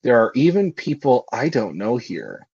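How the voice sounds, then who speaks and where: A man's voice: mid-range voice, wildly swooping pitch, moderate pace, vocal fry, darkish tone, breathy edge, dry recording, dull audio. A man hosting a live stream, reading manga aloud and sharing thoughts with giggly, thinking-aloud asides. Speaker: reaction stream host.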